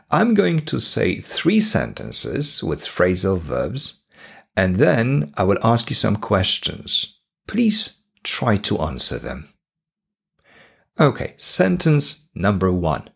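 Slow gravelly man teaching English. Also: on the low side, wildly swooping pitch, a bit bright. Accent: Polish. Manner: slow and deliberate, repeating examples. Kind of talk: podcast English lesson.

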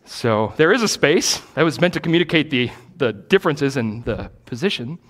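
A man's voice: medium pitch, big pitch swings, normal speed, fairly bright tone. A male pastor giving a teaching sermon in a church. He speaks emphatically and repeats key phrases for stress.

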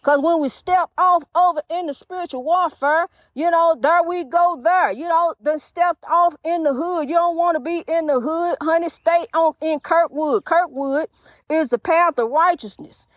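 A woman hosting her faith-talk podcast preaches in a high voice at normal speed, chatty and loose, calling everyone honey. The close, dry recording carries no room sound.

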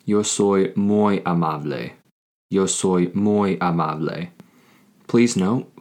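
Slow, deep-voiced male Spanish teacher. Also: darkish tone. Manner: slow, deliberate, repeats each phrase. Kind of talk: scripted language lesson.

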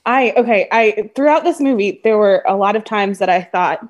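A woman co-hosts a podcast, chiming in with short, joking remarks. Her voice sits in a middle pitch and sounds plain and unforced. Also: normal speed, highs cut off. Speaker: podcast co-host. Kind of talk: casual podcast chat.

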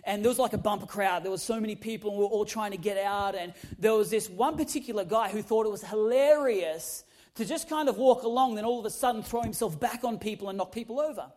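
A young man, a pastor, telling a funny personal story in his sermon, animated and humorous with loud emphatic peaks. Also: sits high, fast talker. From Australia.

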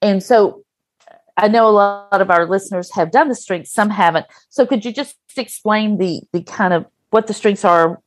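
A woman hosting a podcast interview who affirms her guest often with soft backchannels. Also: medium pitch, moderate pace. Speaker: podcast host.

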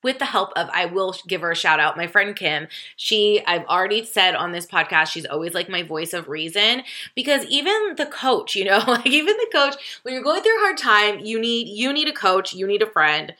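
A woman hosting a self-help podcast as a life coach, talking casually, laughing often, swearing freely and jumping way up in pitch when she quotes herself. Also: lively intonation, normal speed, bright, forceful tone. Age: adult, divorced.

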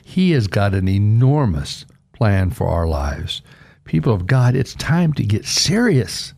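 A man's voice: sing-song, measured pace, vocal fry, a little mellow. An older man giving an earnest radio devotional sermon as a pastor, pushing his voice up on key phrases. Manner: earnest, emphatic, pitch rising on key phrases.

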